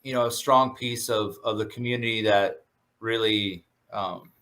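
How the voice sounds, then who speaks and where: A man's voice: fairly low pitch, steady tone, measured pace, sharp tone. A man who works as a surf instructor, speaking earnestly and gratefully in a casual interview, with many fillers and restarts. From Southern California.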